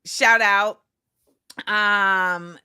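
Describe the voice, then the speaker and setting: A woman hosting a casual live-stream chat, animated and playful, slipping into voices and laughter. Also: medium pitch, extremely slow, clean tone, no room sound, studio quality. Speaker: host.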